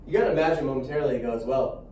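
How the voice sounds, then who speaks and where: A young man teaching a Bible class in a lively, animated way, acting out the story with restarts and asides. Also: mid-range voice, rapid-fire, slight background noise. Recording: echoey room from far off.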